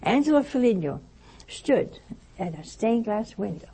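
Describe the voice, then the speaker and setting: A woman giving a spiritual talk, telling a story in a lively way and acting out the voices she quotes. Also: medium pitch, moderate pace, a little hiss or hum, rough recording. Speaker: religious teacher.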